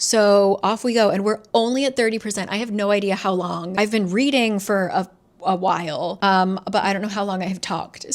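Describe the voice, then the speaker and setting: Young woman book vlogger, chatty, lots of "like", retelling a thriller plot. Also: medium pitch. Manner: chatty, many "like"s, acts out characters' lines.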